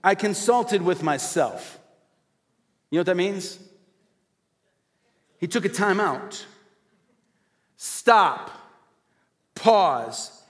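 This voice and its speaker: A high-voiced man preaches in an animated, rising-and-falling delivery, throwing rhetorical questions out to his congregation. His voice rings with a long hall reverb around him. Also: slow, pauses often. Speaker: pastor. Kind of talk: sermon. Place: church hall before a congregation.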